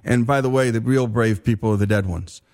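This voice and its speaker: A man hosting an interview show, asking questions in an expressive, engaged way. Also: medium pitch, fairly quick. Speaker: interview host. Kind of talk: interview talk.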